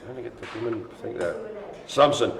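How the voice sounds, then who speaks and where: A man's voice: mid-range voice, a little fast, gravelly, background noise. A man calling a live-streamed bingo game in an indoor room with a small audience, chatty and teasing. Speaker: bingo caller. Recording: echoey room.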